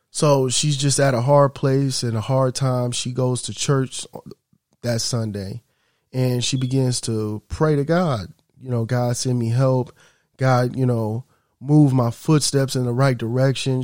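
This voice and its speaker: A man's voice: medium pitch, a little mellow, no echo, clean studio sound. A man telling a story in a casual, conversational way, slipping in quoted lines and asides to the listener.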